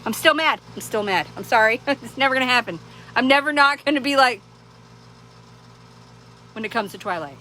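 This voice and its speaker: A rambling, chatty woman with a somewhat high voice talks casually to her camera. She laughs often and restarts her sentences as she goes. Clear household noise runs steadily behind her. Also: expressive, brisk, pauses often, sharp tone, low-quality recording. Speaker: vlogger. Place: small town in Arizona.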